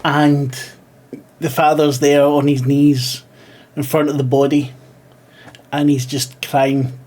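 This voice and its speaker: A man narrating a tabletop role-playing game as game master. His narration is plain and steady, and his voice sits a little high. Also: slow pace.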